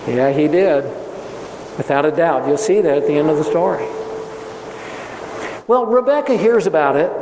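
Preacher, male, high voice, acts out story voices, roomy hall with long reverb. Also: slight background noise. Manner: acts out quoted voices, drops to soft tones. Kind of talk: sermon. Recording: echoey hall with faint ambience.

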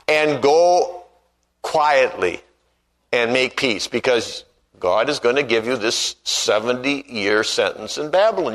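Male preacher, sermon, storytelling, acts out quoted voices, fairly high voice. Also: a bit bright, poor audio. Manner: reads scripture in old-fashioned wording.

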